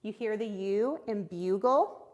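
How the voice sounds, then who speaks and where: A woman teaching a recorded phonics lesson to young children, sounding out words clearly and praising answers. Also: mid-range voice, takes it slowly, a little mellow. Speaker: third grade reading teacher.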